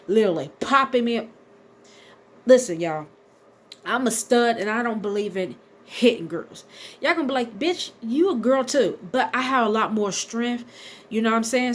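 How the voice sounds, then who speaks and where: A woman in her thirties telling a story straight to her viewers, animated and blunt, and swearing freely. Her voice sits a little high for a woman. A faint hum of ambience hangs under her. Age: 30s. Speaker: vlogger. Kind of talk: casual storytime.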